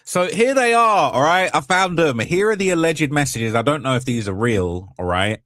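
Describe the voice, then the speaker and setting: A podcast co-host with a fairly high, expressive, fairly bright voice reads out messages at a normal speed in casual chat, adding rambling, hedging asides. The recording is dry and studio quality.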